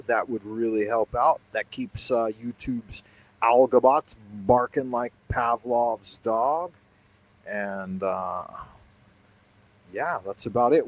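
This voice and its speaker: A man's voice: medium pitch, rough recording. A man hosting a casual livestream from home, rambling playfully and answering chat commenters. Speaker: livestream host. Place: home, Beijing.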